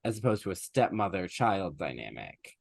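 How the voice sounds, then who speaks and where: A man's voice: sits low, big pitch swings, normal speed, gravelly, no echo, clean studio sound. A man co-hosting a podcast, retelling an old story in a casual, chatty way with plenty of fillers and asides. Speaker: podcast co-host.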